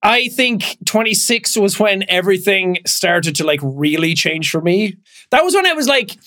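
A man's voice: high voice, expressive, moderate pace, bright, forceful tone. A man in his thirties co-hosting a podcast, joking and laughing often in casual chat. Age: 30s. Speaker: podcast co-host.

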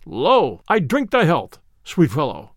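A man's voice: a little high, wildly swooping pitch, slow, no echo, clean studio sound, full character voice. A man voicing a friendly, merry cook who talks in old-fashioned phrases, in a storybook reading. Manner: archaic phrasing, affectionate. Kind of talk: storybook character voice.

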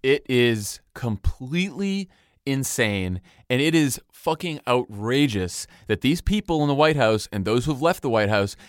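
A man's voice: mid-range voice, lively intonation, measured pace, no room sound, studio quality. A man hosting a casual political chat podcast, indignant, sarcastic and profane. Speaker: podcast host.

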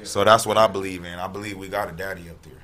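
A man who speaks low with a bright, forward edge. He guests on a podcast and tells his stories in an animated, profane rush of casual talk. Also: quick pace. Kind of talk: casual chat.

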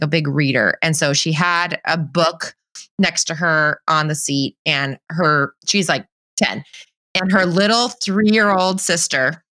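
Bright-voiced woman telling a story. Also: lowish voice. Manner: chatty storyteller, acts out quoted voices. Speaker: podcast host. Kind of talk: casual conversation.

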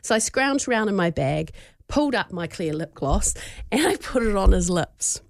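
A woman in her thirties co-hosting a breakfast radio show, telling a family anecdote in a chatty, animated way. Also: mid-range voice, normal speed, gravelly, no echo, clean studio sound. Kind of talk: casual radio banter, storytelling. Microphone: studio microphone.

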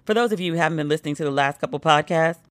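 A woman's voice: low voice, rapid-fire, no echo. A woman hosting a podcast, tipsy and telling a playful story in a casual monologue, now and then mimicking her friends. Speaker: podcast host.

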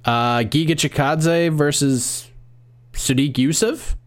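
An American man co-hosting a casual sports podcast, calmly reading through lists of fight matchups. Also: fairly high pitch, slow pace. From United States. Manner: relaxed, reads lists of matchups. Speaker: podcast co-host.

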